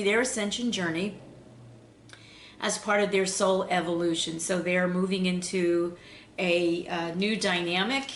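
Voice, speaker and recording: A woman giving an unscripted spiritual tarot reading in a gentle, flowing way, pausing with fillers and restarts. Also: on the low side, echoey room. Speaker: intuitive tarot reader.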